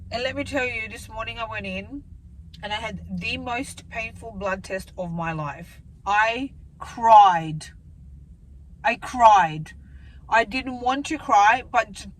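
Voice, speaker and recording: A woman's voice: fairly high pitch, a bit bright, a little hiss or hum, poor audio. A woman in her thirties telling a rambling, emotional story straight to camera in a casual vlog update. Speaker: vlogger.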